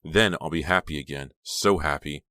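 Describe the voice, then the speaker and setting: A jealous teenage girl, furious and wailing, as a deep-voiced man puts her on for an audiobook. Her cries come out shrill and bitter. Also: moderate pace, sharp tone, clean tone, no echo, studio quality. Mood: dazed. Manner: shrieking, bitter wails.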